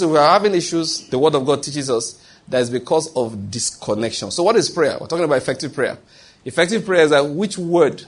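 A man's voice: fairly high pitch, husky. A man preaching a sermon, emphatic, posing questions to the congregation and answering them himself.

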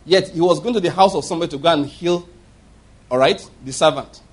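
A man's voice: a little high, brisk, husky. A male pastor preaching a sermon, telling stories emphatically and acting out the voices of the people he quotes. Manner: emphatic storytelling preacher who acts out quoted speech.

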